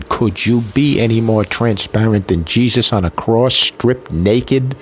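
A man's voice: mid-range voice, husky. A man preaching a sermon with an impassioned, emotional delivery built on rhythmic repetition. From Italian heritage.

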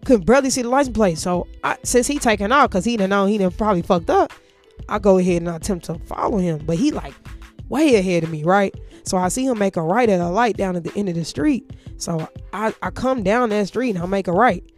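A woman's voice: medium pitch, expressive, fairly quick, faint music behind. A woman telling a story in casual, profanity-heavy speech.

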